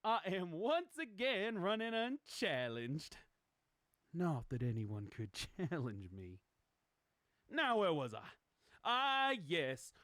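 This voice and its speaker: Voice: medium pitch, huge pitch swings, slow pace, a bit bright, dry recording, clean studio sound, heavily acted. A streamer voicing a grandiose, self-satisfied male villain ruler from a kids' show, recorded as a voice audition.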